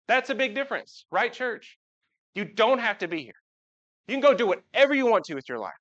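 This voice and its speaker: A man's voice: sits high, very animated, fairly quick, sharp tone. A man preaching a casual live sermon in church, chatting with the congregation and asking it questions. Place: church sanctuary. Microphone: live church recording. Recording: dull lo-fi live church recording.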